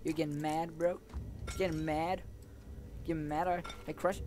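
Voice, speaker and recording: A man's voice: fairly high pitch, flat delivery, unhurried, darkish tone. A young man commentating a horror game, taunting the monsters, swearing and yelping when scared, then whispering while he sneaks. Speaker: gameplay commentator. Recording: noisy home mic recording.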